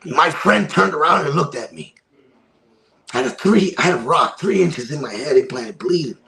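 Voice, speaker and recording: Gravelly-voiced guy on a podcast telling a wild story, keeps repeating himself for effect. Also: a little high, animated, moderate pace, bright, forceful tone, a little hiss or hum, rough recording. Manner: emphatic, repeats phrases for effect. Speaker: podcast guest from a wrestling promotion. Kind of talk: dramatic personal storytelling.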